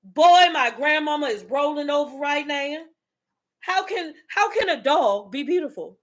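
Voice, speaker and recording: A woman's voice: high-pitched, lively intonation, measured pace. A woman host delivering an impassioned motivational rant in a fiery, preachy manner. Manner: fiery, preachy, street-talking.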